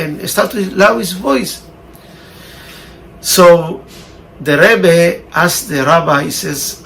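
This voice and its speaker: Male preacher, bright high voice, non-native English phrasing, storytelling sermon. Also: unhurried, vocal fry, long pauses, slight background noise, low-quality recording. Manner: tells a parable, raising his voice for quoted lines. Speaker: Torah teacher.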